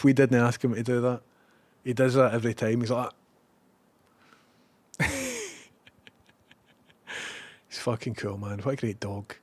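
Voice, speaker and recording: A Scottish man chatting casually on a live stream. He rambles, swears freely and now and then bursts out loudly. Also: medium pitch, no room sound. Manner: rambling and profane, with bursts of loud excitement.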